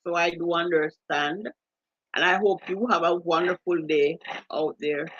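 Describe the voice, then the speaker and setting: A woman's voice: on the low side, fairly even intonation, a little slow, fairly bright tone, dull audio. A woman with a Jamaican accent hosting a live stream, reading out viewer comments and greeting each viewer by name. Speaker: livestream host.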